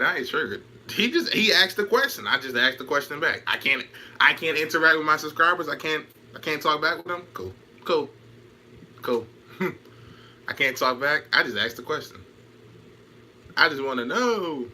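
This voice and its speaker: A man's voice: fairly high pitch, animated, moderate pace, long pauses, bright, forceful tone, a little hiss or hum. A man in casual chat on a stream, trash-talking, laughing and repeating himself while answering comments.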